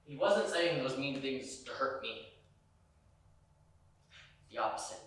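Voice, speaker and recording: A young man performing a dramatic solo monologue, moving between quiet hurt and loud anger. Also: medium pitch, animated, slow pace. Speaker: stage performer. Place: university performance space. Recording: very echoey room, mic far off.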